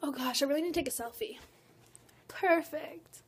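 Young female sketch comic, high bright voice, playful, loud music under her. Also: moderate pace. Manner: playful, sing-song, bursts into song. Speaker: vine comedian. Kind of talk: short comedy sketches to camera. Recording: loud music and crowd behind.

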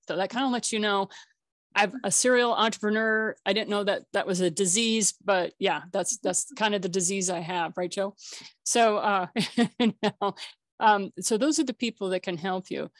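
A woman's voice: mid-range voice, fairly even intonation, normal speed, dry recording, studio quality. A woman hosting a casual online networking call, chatty and jokey, laughing often. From Colorado. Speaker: host.

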